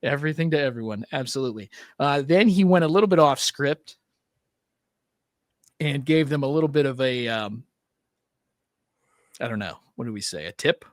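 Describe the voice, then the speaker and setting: A man's voice: mid-range voice, lively intonation, moderate pace, pauses often, dry recording, studio quality. A male podcast host chatting loosely about politics with a wry, filler-heavy delivery. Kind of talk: casual political chat.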